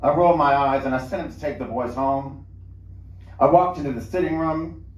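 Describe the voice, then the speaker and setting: A man with a slightly high voice and moderate pace reads a first-person story to a live lounge audience, telling it conversationally with small restarts. The mic is at a distance in the roomy space.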